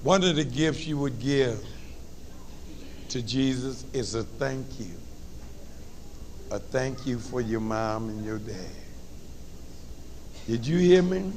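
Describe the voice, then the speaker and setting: A man with a New Orleans accent giving a lively motivational talk to high school students, with call-and-response and humor. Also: slow pace, pauses often, a little hiss or hum. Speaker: motivational speaker.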